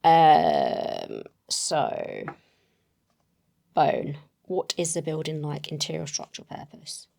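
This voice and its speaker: A woman's voice: deep voice, huge pitch swings, slow, gravelly, mellow. A woman playing a solo tabletop game, thinking aloud as she writes, hesitant and full of self-corrections.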